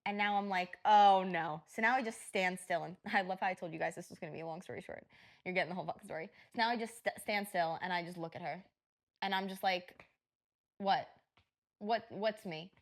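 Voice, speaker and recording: A woman co-hosting a podcast, casually telling a story in an animated, profane way and acting out what people said. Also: on the low side, fast. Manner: animated retelling, profane, acts out quotes. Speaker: podcast co-host.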